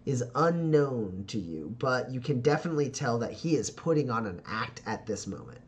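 A man narrating as game master of a tabletop game, relaxed and descriptive with filler pauses. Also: medium pitch, a little hiss or hum.

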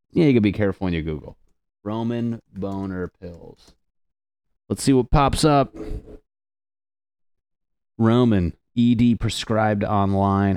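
A man's voice: fairly low pitch, mellow, smooth, no room sound, studio quality. A man doing a casual, crude comedic monologue as a podcast host, rambling and laughing at his own jokes.

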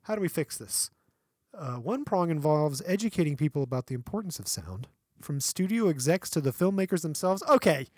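A man co-hosting a podcast in casual chat, animated and laughing often, now and then reading from an article. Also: fairly high pitch, brisk, husky, no room sound, clean studio sound. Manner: animated, laughs often, breaks into playful voices. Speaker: podcast co-host.

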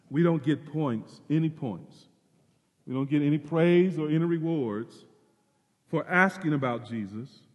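A man preaching a sermon as pastor, moving between loud emphasis and hushed, drawn-out phrases. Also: mid-range voice, long reverb tail.

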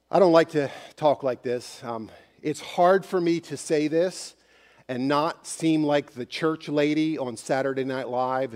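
A male pastor preaching in a casual, direct way, as if chatting with the people in the pews. His voice sits a little high for a man. The sound rings with the long reverb of a church sanctuary. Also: a little mellow. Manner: conversational, speaks straight to the congregation. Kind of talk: sermon.

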